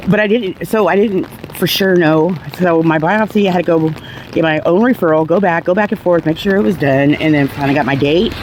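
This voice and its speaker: A woman's voice: on the low side, fairly quick, darkish tone, slight background noise, low-quality recording. A middle-aged woman telling her own story in a candid, rambling, blunt way, swearing casually. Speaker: vlogger sharing her cancer story.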